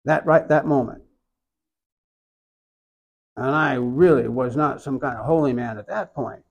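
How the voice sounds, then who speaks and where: An older man from Oklahoma with an Oklahoman accent, telling his own story in an interview in a reflective, unhurried way with soft asides. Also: mid-range voice, rough recording.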